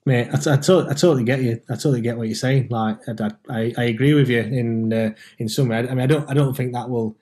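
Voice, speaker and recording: A man's voice: mid-range voice, steady tone, fast, hardly any pauses, mellow. A man co-hosting a casual football podcast. He agrees readily and stammers through restarts. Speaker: podcast co-host.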